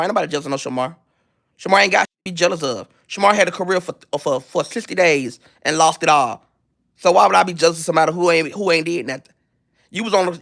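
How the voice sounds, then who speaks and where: Fast, high-voiced man ranting gossip. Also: gravelly, fairly bright tone. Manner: blunt, profane, mocking trash talk; repeats and restarts phrases while searching for a video. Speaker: gossip channel host.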